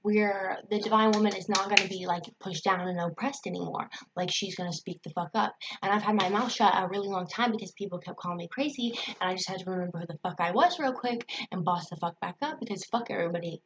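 A young woman telling a personal story in a casual vlog, excitable, swearing and full of filler words. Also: medium pitch, fast talker, few pauses, highs cut off, a little hiss or hum. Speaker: vlogger.

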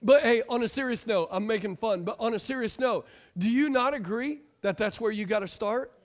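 Man, pastor, very high voice, lively sermon, rhetorical questions, joking asides. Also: a little fast.

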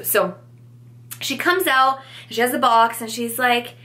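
Bright, chatty young woman vlogger. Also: fairly high pitch, a little slow. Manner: animated, chatty, acts out quotes. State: pregnant. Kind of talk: casual storytelling to camera.

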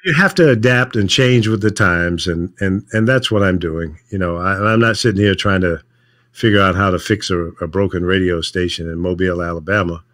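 An older man, a radio veteran, chatting casually in a measured, plain-spoken way with frequent fillers. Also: low voice, a bit bright. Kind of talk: casual chat.

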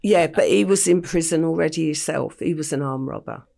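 An older woman from England, telling her life story in an interview at a slow, matter-of-fact pace. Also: low voice, dark tone, a little hiss or hum. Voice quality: gravelly, husky voice. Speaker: podcast guest.

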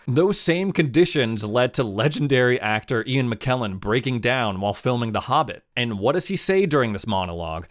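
Male commentary host, casual, opinionated, mid-pitched, chatty. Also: animated, brisk, hardly any pauses. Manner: opinionated, conversational, fillers like "man" and "like". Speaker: video essay host.

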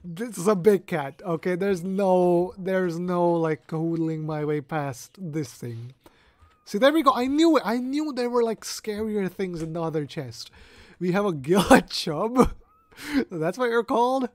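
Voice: mid-range voice, measured pace, no echo. A gaming video creator giving casual, playful gameplay commentary, laughing often and hamming up mock-dramatic lines.

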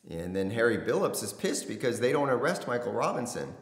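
A man's voice: mid-range voice, very animated, a little fast. A middle-aged man, a former detective, recounting a case in blunt, conversational interview talk. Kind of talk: casual storytelling interview. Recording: echoey room with long reverb.

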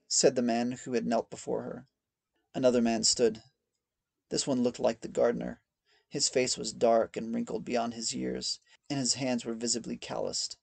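A man narrating a fantasy audiobook in a measured storytelling reading on a close mic. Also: mid-range voice, level tone, creaky, breathy edge, dry recording. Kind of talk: scripted narration.

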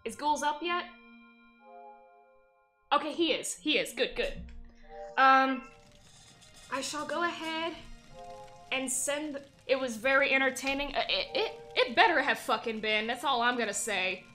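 A woman's voice: high-pitched, lively intonation, unhurried, pauses often, sharp tone, faint music behind. A woman streaming a video game, chatting casually and swearing freely as she wraps up. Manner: casual, profane, rambling. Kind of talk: game livestream commentary.

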